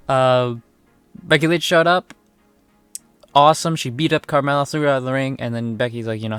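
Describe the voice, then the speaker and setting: A man's voice: mid-range voice, moderate pace, pauses often, fairly bright tone, clear, resonant tone, dry recording. Sarcastic young man with faint music behind. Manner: sarcastic, exasperated, swears often. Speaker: wrestling reviewer. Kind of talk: casual spoken review.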